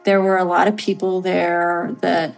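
A woman's voice: fairly low pitch, flat delivery, measured pace, vocal fry, faint music behind, rough recording. A woman in her late thirties telling a personal story as a podcast guest, earnest and rambling, with many fillers and restarts.

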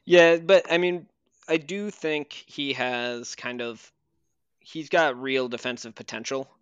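Bright, crisp-voiced man talking hoops. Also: mid-range voice, slow pace, dry recording, dull audio. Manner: conversational with frequent fillers and restarts. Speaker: podcast co-host. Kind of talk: casual basketball chat.

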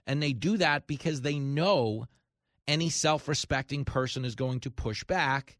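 A man hosting a comedic political talk radio show, talking in an animated way and acting out voices in quotes. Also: medium pitch, a little slow, dry recording, clean studio sound. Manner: animated, acts out voices in quotes, rising to shouts.

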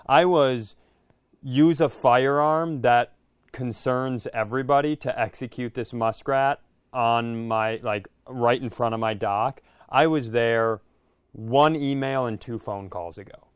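A man's voice: medium pitch, slow, clear, resonant tone, no room sound, clean studio sound. A man co-hosting a comedy podcast in casual chat, telling stories in an exasperated, self-mocking way.

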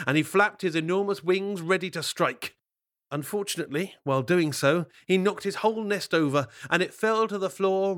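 A man tells a children's fable in a playful, expressive voice. His pitch moves a lot as he goes. He adds chatty asides to the listener. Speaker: storyteller. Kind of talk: storybook narration for children.

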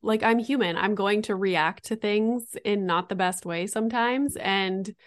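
A woman's voice: medium pitch, a little slow, no room sound, clean studio sound. Woman podcaster just chatting, lots of "like", easygoing. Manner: chatty, says "like" often. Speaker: podcast host. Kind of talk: casual chat.

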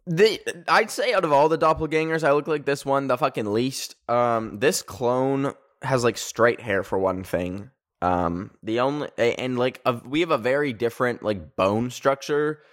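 A man's voice: medium pitch, normal speed, few pauses. Nasal whiny young guy podcasting, rambly and sweary, lotsa "like" and "um". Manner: rambling, swearing, lots of fillers. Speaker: podcast host. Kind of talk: casual solo podcast storytelling.

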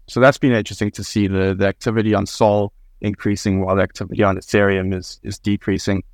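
Low-voiced South African man, measured. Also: dry recording, clean studio sound. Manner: measured, with many "um" pauses. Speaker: guest researcher. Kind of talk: casual panel talk.

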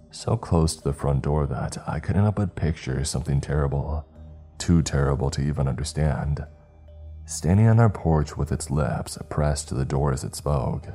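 A man reading a first-person horror story as narrator, slowing down in the tense moments. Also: extremely low pitch, mellow, husky.

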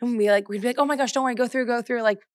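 A woman's voice: a little high, racing, no echo, studio quality. A young woman co-hosting a podcast in casual chat, gushing and laughing often. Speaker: podcast co-host.

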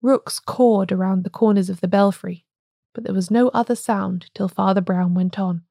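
A woman podcast host reading a story in measured, scripted narration. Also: medium pitch, steady tone, vocal fry, warm tone, no room sound, studio quality.

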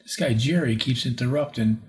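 A man's voice: mid-range voice, moderate pace, a little mellow. A man in his sixties, a paranormal investigator, telling a rambling story in an interview and acting out the people he quotes. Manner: rambling, acts out quoted voices.

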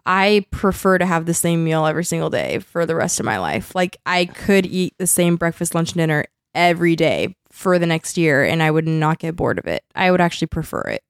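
A woman's voice: sits low, sing-song, fairly quick, few pauses, clean tone, no echo, clean studio sound. A woman co-hosting a podcast, teasing her partner and laughing often. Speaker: podcast co-host. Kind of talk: casual chat.

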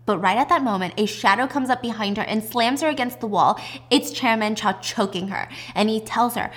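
Woman, casual story recap, chatty, animated, fairly high voice. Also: a little fast. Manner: chatty, animated retelling with asides. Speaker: drama recap narrator.

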